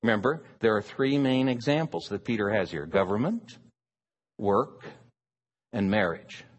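A man's voice: fairly low pitch, lively intonation, a little slow, long reverb tail. A man preaching a sermon, emphatic and stressing single words.

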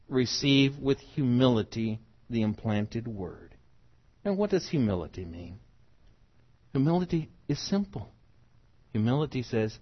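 A middle-aged man from the United States preaching a sermon, emphatic, swinging from soft to loud. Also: mid-range voice, animated, unhurried, pauses often, highs cut off.

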